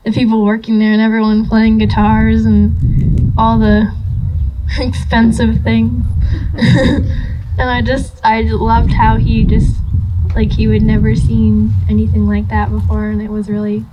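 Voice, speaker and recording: Young woman, granddaughter, rambling story, high and flat voice. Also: a little slow, slight background noise, low-quality recording. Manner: rambling, many fillers, laughing softly. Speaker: granddaughter giving a eulogy. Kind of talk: memorial speech, personal story.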